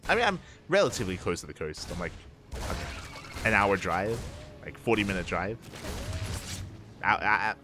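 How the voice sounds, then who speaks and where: A man's voice: lowish voice, very animated, moderate pace, pauses often, over music. An Australian man casting a live esports match, chatty and loose, laughing often between play-by-play. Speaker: esports caster.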